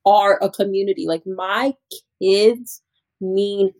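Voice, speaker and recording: Here is a young woman teacher talking as a podcast guest in an easy, chatty way. Her voice sits at a middle pitch. She laughs often and breaks into her students' voices as she tells stories. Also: steady tone, slow pace, a little mellow. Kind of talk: casual interview chat.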